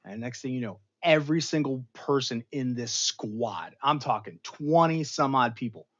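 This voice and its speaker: Brief: male show host recapping an episode with dramatic flair, average pitch, muffled lo-fi audio. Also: normal speed. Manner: animated storytelling with dramatic emphasis and asides. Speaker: pop culture show host. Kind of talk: casual episode recap and review.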